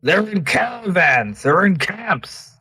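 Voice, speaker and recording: A man playing his character in a tabletop game, speaking gruff and firm. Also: high-pitched, big pitch swings, slow pace, pushed and bright. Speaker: player.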